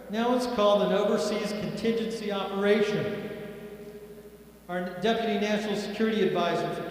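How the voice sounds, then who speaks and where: A man giving a political speech at an evening event, sarcastic and emphatic, his voice fairly high. He sounds distant, washed in the echo of a large hall with long reverb. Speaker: political speaker.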